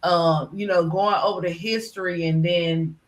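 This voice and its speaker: A woman's voice: on the low side, steady tone, moderate pace. A middle-aged woman chatting casually as a live-stream panelist, rambling with lots of "you know" fillers. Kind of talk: casual chat. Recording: echoey room.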